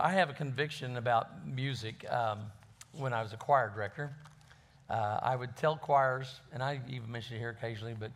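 Man, pastor, conversational sermon, folksy, mid-range pitch, repeats words mid-sentence. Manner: folksy, repeats words while finding his phrasing.

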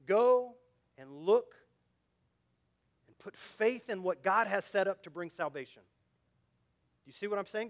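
A male pastor preaching a sermon, speaking earnestly and directly to his congregation, swinging from loud urgent emphasis to quiet low asides. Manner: earnest, direct appeals to listeners.

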